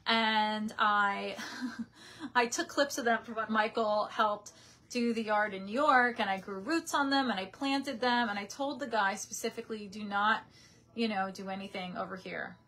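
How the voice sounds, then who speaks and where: A woman's voice: fairly high pitch, unhurried, sharp tone. A young woman chatting casually on a live stream from her parents' house, reading out viewer comments on a webcam mic.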